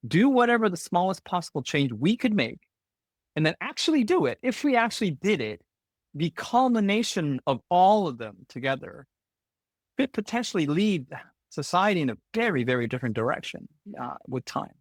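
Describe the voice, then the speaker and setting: A man hosting a podcast, thinking aloud in a halting, reflective way, with many restarts. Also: sits high, sing-song, no room sound. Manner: reflective, halting, laughs often. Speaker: podcast host. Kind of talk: podcast interview.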